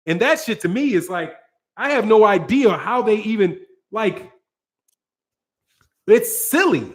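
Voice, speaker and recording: A high-voiced American man hosts his own boxing channel. He rants in loose, profane street slang, rambling and restarting as his points pile up. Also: very animated, measured pace. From United States. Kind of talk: casual ranting commentary.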